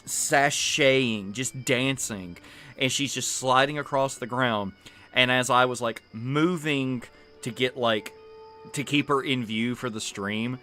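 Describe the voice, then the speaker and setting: A man's voice: medium pitch, bright, forceful tone. A man streaming a video game, chatting casually with fillers and laughs as he plays. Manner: rambling, laughing, full of fillers. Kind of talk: casual gameplay commentary.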